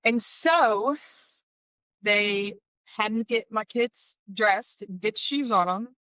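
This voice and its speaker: Bright-voiced woman, candid testimony. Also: medium pitch, slow pace, no echo, poor audio. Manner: candid and heartfelt, with wry asides. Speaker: guest sharing a personal testimony. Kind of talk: emotional personal storytelling.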